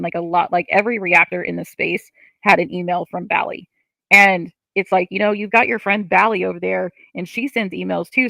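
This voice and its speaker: A woman's voice: mid-range voice, creaky, a bit bright, no room sound. A woman on a livestream, reading chat comments and ranting in frustration, swearing often.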